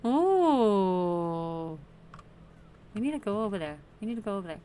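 A woman's voice: mid-range voice, big pitch swings, a little slow, warm tone, slight background noise. A woman host casually commenting on her Minecraft play, chatty and playful, talking to the game's characters. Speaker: gaming channel host.

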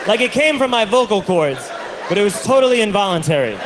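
A man doing a stand-up comedy set, telling stories in an animated way and acting out other people's voices, recorded live on stage. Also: high-pitched, fairly quick, crowd noise. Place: comedy stage with a laughing audience. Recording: live show with audible audience noise.

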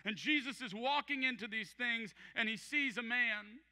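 A pastor delivering an emphatic sermon, repeating key phrases and acting out quoted voices. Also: male voice, very high-pitched, moderate pace, few pauses, pushed and bright. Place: large church hall. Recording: church hall with long reverb.

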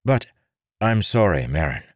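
A man's voice: sits low, sing-song, unhurried, dry recording, studio quality, voice pushed up. A man voicing a confident, determined young nobleman who speaks firmly and earnestly. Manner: firm, earnest, persuasive.

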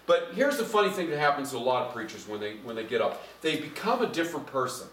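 A middle-aged man preaching a sermon as pastor, conversational and animated, getting louder as he drives his points home. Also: mid-range voice, fast talker, slight background noise. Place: church sanctuary. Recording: echoey church from a distance.

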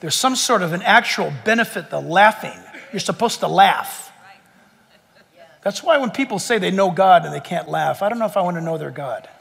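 Male pastor, high and lively, bright tone, echoing church hall. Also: normal speed, vocal fry, breathy edge. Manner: preaching with animated, rising emphasis. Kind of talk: sermon.

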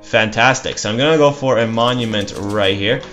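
A man's voice: on the low side, fairly quick, fairly bright tone. Rambling man commentating a game. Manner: rambling, self-deprecating, dry sarcasm. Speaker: gameplay commentator. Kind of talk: casual live game commentary. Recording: dull lo-fi mic with faint music.

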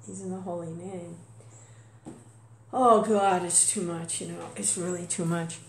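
An older woman talks informally about her devotion, her lowish voice turning emotional and exclamatory with frequent laughs. The sound is roomy, with a faint hum of background noise beneath her. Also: level tone, measured pace. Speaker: devotee sharing reflections. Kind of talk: casual spiritual talk.

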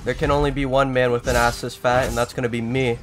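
A man giving casual let's-play commentary, excitable and profane, trash-talking the game as he plays. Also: mid-range voice, fast talker. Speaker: gaming YouTuber.

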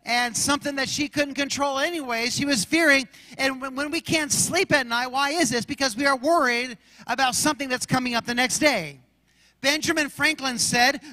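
A male pastor preaching in a large church, emphatic and then chatty as he tells stories. His voice is very high and bright, and it rings with long reverb through the sanctuary. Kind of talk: sermon.

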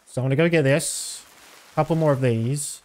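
A man's voice: fairly high pitch, fairly quick, darkish tone. A man in his thirties giving casual, rambling commentary while streaming a game, with many fillers.

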